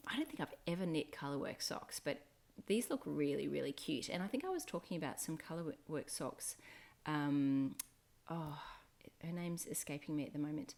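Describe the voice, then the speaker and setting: A woman's voice: low-pitched, darkish tone. A woman hosting a knitting podcast, chatting casually to camera in a meandering way that keeps correcting itself and drifting off track.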